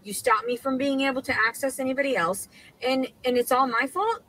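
A woman's voice: high voice, brisk, a bit bright, dry recording, poor audio. A woman in a heated rant, agitated and stammering, swearing constantly. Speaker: woman filmed in her own posted videos.

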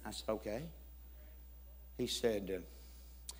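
Man, guest preacher in a church, mid-pitched, telling a story in the pulpit and voicing each side of the dialogue with folksy humor. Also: animated, fairly quick, a bit bright. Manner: folksy, humorous, acts out both sides of a conversation. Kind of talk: storytelling sermon. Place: church sanctuary.

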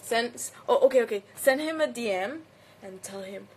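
Reading fan comments off her phone, this young livestreamer keeps things casual and laughs a lot, her Mexican accent showing that Spanish is her native language. Her fairly high voice is animated and a little mellow, moving at a moderate pace. A slight hiss or hum runs under the poor-quality audio.

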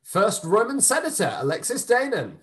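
A man's voice: high voice, huge pitch swings, normal speed. A man hosting the wrap-up of a live online show, effusive and upbeat, thanking the performers and introducing the cast over a video call. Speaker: host and director.

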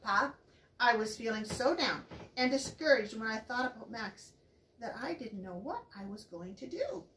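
A woman voicing an excited, hopeful mother rat who gushes in a high voice. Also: moderate pace, echoey room, distant mic, slight background noise. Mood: earnest.

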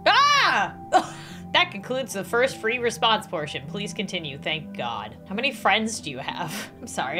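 A young woman with a bright, forceful voice plays through a creepy quiz and reacts out loud. Her pitch swings up and down a lot, and she laughs nervously as she reads each question. Faint music plays behind her. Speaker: gaming YouTuber. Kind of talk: reacting aloud while playing a horror quiz game.

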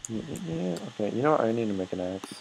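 An eighteen-year-old guy chats loosely while playing, wandering off topic and filling gaps with fillers. He curses freely and lets out sudden yelps when the game surprises him, in a voice of ordinary middle pitch for a man. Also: animated, quick pace, creaky, noisy background. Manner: rambling, swears and yelps when startled. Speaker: gameplay commentator. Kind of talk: casual gameplay commentary.

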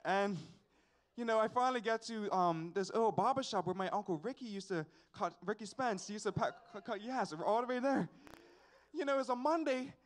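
A young man, telling a personal testimony at a church service in an animated, repetitive storytelling way with sighs and asides. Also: high voice, normal speed. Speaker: church member giving a testimony.

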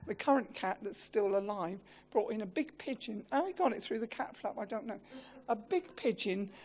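Animated woman giving a eulogy. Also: a little high. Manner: animated, self-mocking storytelling with laughs. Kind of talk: funeral eulogy.

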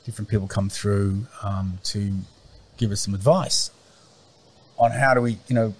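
Rambling low-voiced man on a video call. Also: steady tone, moderate pace, husky. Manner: rambling, many fillers and restarts. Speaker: interview guest, farm owner. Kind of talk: casual conversational interview. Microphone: remote call mic, cutting in and out.

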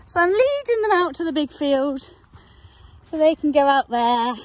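A woman's voice: high voice, sing-song, moderate pace, no room sound. A chatty woman vlogging about horse gear, laughing often and talking to her animals as she goes. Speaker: equestrian vlogger. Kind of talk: casual vlog chat.

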